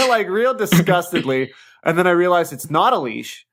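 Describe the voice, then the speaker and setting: Brief: young man, podcast host, somewhat high voice, animated swearing storyteller. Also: normal speed. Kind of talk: casual storytelling chat.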